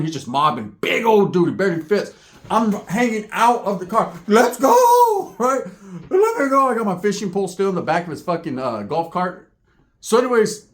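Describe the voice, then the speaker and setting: A man telling a profane comic story, animated and acting out characters, with frequent "right?" tags. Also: high-pitched.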